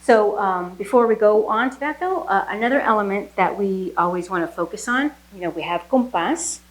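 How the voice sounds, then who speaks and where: A woman's voice: medium pitch, rough recording. A woman teaching a flamenco footwork lesson, explaining technique with fillers and then counting the beats aloud. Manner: relaxed explaining, slow with fillers. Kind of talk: dance lesson instruction.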